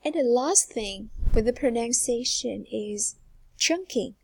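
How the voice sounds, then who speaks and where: A young woman teaching English pronunciation, repeating example phrases slowly and carefully. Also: on the high side, lively intonation, a little mellow, slightly rough, no room sound. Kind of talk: slow, careful pronunciation lesson.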